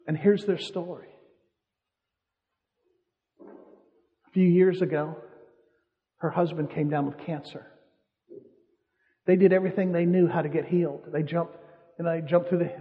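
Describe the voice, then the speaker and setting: A man preaching a sermon, telling stories and repeating his points for emphasis. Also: on the high side. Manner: storytelling, emphatic repetition. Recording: muffled hall reverb.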